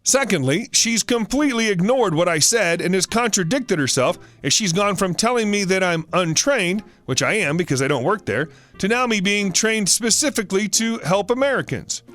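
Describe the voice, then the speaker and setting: A man's voice: high-pitched, animated, moderate pace, few pauses, a bit bright, soft background music. A man reading an online story aloud in a wry, sarcastic storytelling manner. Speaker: story narrator.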